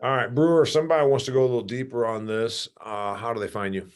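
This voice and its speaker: A man hosting a farming podcast interview, talking in an animated, restless way that often restarts mid-sentence. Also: medium pitch, fast talker, clear, resonant tone. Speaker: podcast host. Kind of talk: casual interview.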